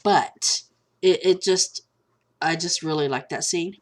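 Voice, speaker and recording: A woman's voice: on the low side, slow. A woman, chatting casually at home in a video blog, candid and easily sidetracked. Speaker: vlogger. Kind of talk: casual chat. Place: at home with a cat.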